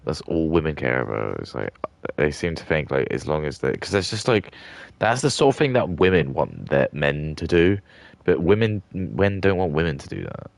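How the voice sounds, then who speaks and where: A man's voice: rumbling low, very animated, moderate pace, creaky, hardly any pauses, no room sound. A man chatting crudely and rambling while he builds models at home. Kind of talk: casual chat while crafting. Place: at home, sitting on a carpet.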